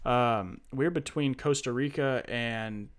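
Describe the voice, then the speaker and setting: A young man in casual chat, telling an animated story about his own panic on a flight, swearing freely. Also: medium pitch, unhurried, smooth.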